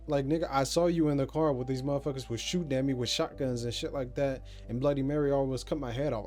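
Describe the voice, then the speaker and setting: A man's voice: medium pitch, fairly even intonation, quick pace, a little mellow, soft background music. Slangy, rambling young-sounding male gamer. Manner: loose, slangy, rambling, swears freely. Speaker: gaming YouTuber. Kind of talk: casual game review vlog.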